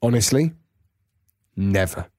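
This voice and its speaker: A man's voice: on the low side, takes it slowly, no echo. A man, a radio presenter co-hosting a podcast in casual chat, playful and teasing. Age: 40s. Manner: playful, teasing, lively storyteller.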